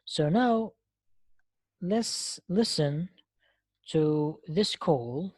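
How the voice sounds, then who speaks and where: Over an online lesson connection, a woman teaches English live, explaining things slowly and patiently and checking often that her students keep up. Her deep voice is warm and husky, with lively intonation and no echo.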